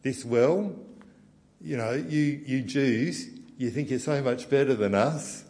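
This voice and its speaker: A man's voice: mid-range voice, slow, a little mellow, voice pushed up. A man voicing a proud, defiant village woman in a sermon retelling, speaking with an Australian accent. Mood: indignant. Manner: proud, challenging, emphatic.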